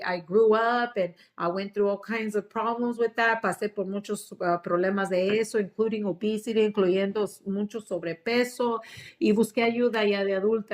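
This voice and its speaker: Woman instructor, bilingual class talk, switches languages mid-thought, casual restarts. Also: mid-range voice. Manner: switches between English and Spanish, with fillers and restarts. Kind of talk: bilingual class talk, English then Spanish.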